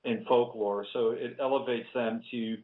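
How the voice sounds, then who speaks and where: A man's voice: mid-range voice, steady tone, moderate pace. A man hosting a radio interview, agreeing readily and adding his own views, heard over a tinny phone line. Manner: agreeable, with frequent affirmations. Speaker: radio host.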